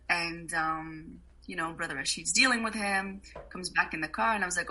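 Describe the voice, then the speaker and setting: A woman guest on a podcast, telling travel stories in a casual, animated way and laughing often. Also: lowish voice, fairly quick, hardly any pauses, breathy edge, low-quality recording. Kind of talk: casual storytelling.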